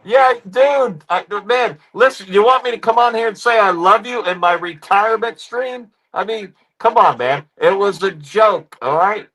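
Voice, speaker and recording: A man hosting his own live stream, coaxing and teasing a guest in playful banter and addressing the audience as ladies and gentlemen. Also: sits high, moderate pace, hardly any pauses, poor audio.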